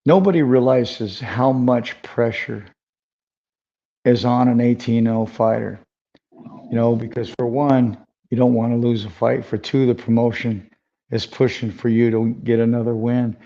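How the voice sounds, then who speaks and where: A man's voice: mid-range voice, steady tone, measured pace, gravelly, warm tone. An older man hosting a fight podcast, chatting casually and rambling through his questions. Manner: rambling, conversational, many fillers. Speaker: podcast host. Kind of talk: casual interview chat. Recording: dull lo-fi sound.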